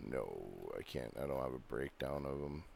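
A man's voice: very deep voice, lively intonation, moderate pace, creaky, a little mellow, slight background noise. A man co-hosting a late-night fight podcast from home, talking bluntly and casually and swearing freely. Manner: blunt, profane, laid-back. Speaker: podcast co-host. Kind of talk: casual chat. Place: home, fan running.

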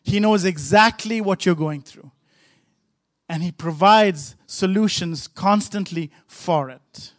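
A man's voice: high voice, takes it slowly, no echo. A man pastor preaching a sermon with emphatic, repetitive rhythmic phrasing.

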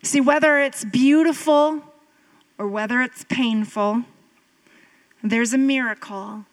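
Slow-speaking, high-voiced woman pastor. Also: poor audio. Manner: animated storytelling, jumping up in pitch for emphasis; conversational, with filler "like" and asides. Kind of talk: sermon.

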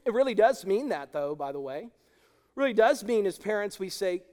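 A man's voice: sits high, lively intonation, normal speed. A middle-aged male pastor preaching an emphatic, impassioned sermon to his congregation. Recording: long hall reverb.

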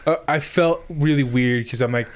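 A man's voice: mid-range voice, normal speed, slight background noise. A young man telling a rambling story on a podcast. He swears a lot and often restarts his sentences. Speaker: podcast co-host. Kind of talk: casual storytelling banter.

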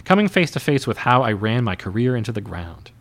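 A man voicing an insecure, self-pitying male TV actor who speaks quietly and turns frustrated. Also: medium pitch, sing-song, fairly quick. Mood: rueful.

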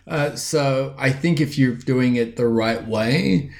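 A man's voice: medium pitch, slow pace. A man co-hosting a casual chat and talking with frequent fillers and restarts. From born outside the US. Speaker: podcast co-host. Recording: echoey room.

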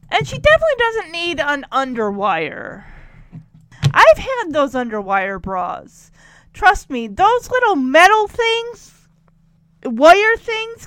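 A woman telling a chatty, animated story recap with exasperated asides. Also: sits high, dry recording. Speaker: tv episode recapper.

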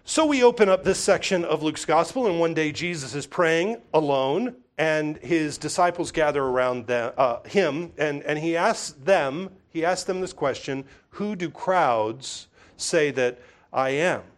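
A man's voice: on the high side, animated, unhurried. A middle-aged man preaching a sermon in a church, emphatic and full of rhetorical questions, often repeating his words. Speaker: pastor.

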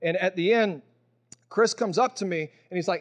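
High-voiced pastor telling his story. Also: normal speed, dull audio. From Mississippi. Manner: casual, storytelling, emotional, acts out quoted voices. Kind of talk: sermon with personal testimony.

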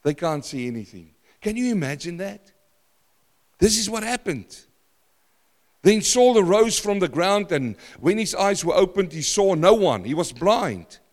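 A man preaching a sermon, animated and repeating phrases for emphasis. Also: high voice, a little slow, long reverb tail.

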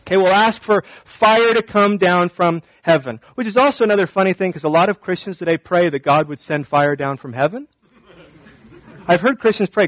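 High-voiced joking preacher. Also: male voice, moderate pace, no room sound, poor audio. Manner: animated, joking storytelling with laughs. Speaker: pastor. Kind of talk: sermon.

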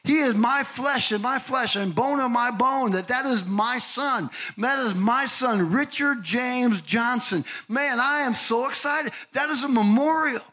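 An older male pastor preaching a lively sermon, telling stories and asking the congregation questions. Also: very high voice, unhurried, few pauses, poor audio. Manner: animated storytelling, asks the congregation questions.

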